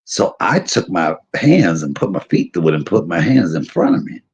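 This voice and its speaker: A middle-aged man casually telling a personal story, animated and laughing, using street slang and acting out quotes. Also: low-pitched, moderate pace, muffled recording.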